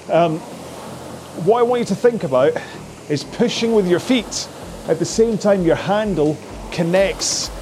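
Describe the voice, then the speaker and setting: A man's voice: fairly high pitch, a little mellow. A man coaching a rowing workout, chatty and jokey, talking while he rows on a machine. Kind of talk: instructional workout talk.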